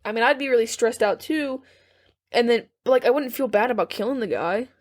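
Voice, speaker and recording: A woman's voice: fairly high pitch, fairly quick. A woman co-hosting a podcast, chatting casually about a horror movie and asking questions about the plot. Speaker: podcast co-host.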